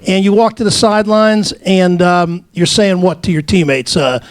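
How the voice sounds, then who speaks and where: A man emceeing a luncheon sports panel, asking questions in a halting way with frequent restarts. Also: high-pitched, fairly even intonation, no room sound. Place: luncheon event.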